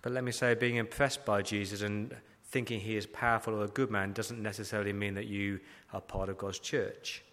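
A man's voice: lowish voice, level tone, brisk, few pauses, fairly bright tone. A man preaching a sermon as pastor, emphatic, asking repeated rhetorical questions. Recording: long hall reverb.

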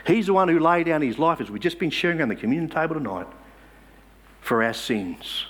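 Male preacher, church sermon, lively rising and falling pitch, fairly high voice, emphatic. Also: fairly quick, husky. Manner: emphatic, rhetorical questions to the congregation.

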